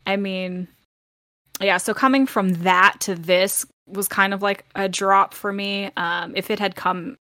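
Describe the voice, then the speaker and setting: A woman's voice: mid-range voice, fairly even intonation, unhurried, sharp tone, no echo. A woman cohosting a podcast, giving opinions in a chatty, filler-heavy way. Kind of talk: casual chat.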